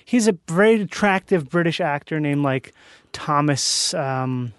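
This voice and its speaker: A man with a notably high voice for a man jokes around in casual podcast chat, his thoughts spilling out in loose run-ons. He sounds animated and playful. The recording is dry and close. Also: measured pace, clear, resonant tone, dry recording.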